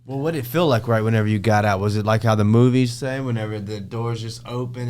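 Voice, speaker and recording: A man's voice: on the low side, fast talker, darkish tone, clear, resonant tone. A man co-hosting a podcast, asking playful questions and chiming in during the interview. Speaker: podcast co-host. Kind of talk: casual interview talk.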